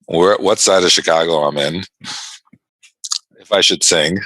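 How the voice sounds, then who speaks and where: A low-pitched New York man hosts a live trading stream, unhurried and sharp-toned, with no echo but a rough recording. It's casual livestream chat about trading, and he jokes with viewers and laughs often between comments on the markets.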